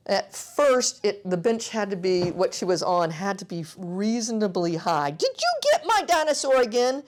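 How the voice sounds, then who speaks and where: A woman's voice: medium pitch, big pitch swings, moderate pace, few pauses. A woman pediatric physical therapist explaining an exercise and playfully coaxing a young child. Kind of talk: instructional demonstration.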